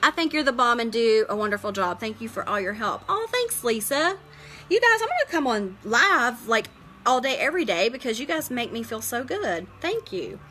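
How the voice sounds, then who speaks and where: A woman's voice: on the high side, sing-song, moderate pace, bright, forceful tone, slight background noise, low-quality recording. Chatty middle-aged woman streaming makeup live. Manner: chatty and heartfelt, greets viewers by name.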